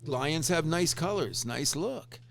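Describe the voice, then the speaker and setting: A man co-hosting a casual sports podcast, talking in an animated, opinionated way with crude fan banter. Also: on the high side, slow pace, creaky, a little hiss or hum. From Canada. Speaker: podcast co-host.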